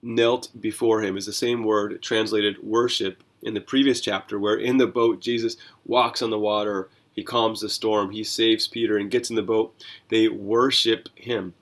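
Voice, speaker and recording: A man hosting a Bible reading podcast as a pastor, talking through scripture in a conversational, animated way with rhetorical questions. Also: lowish voice, normal speed.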